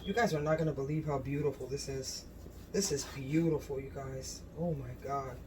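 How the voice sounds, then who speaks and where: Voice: medium pitch, fairly even intonation, normal speed, noisy background. Gushing cooking vlog host. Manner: effusive, gushing, exclaims often. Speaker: home cooking channel host. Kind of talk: casual cooking vlog, talking to camera.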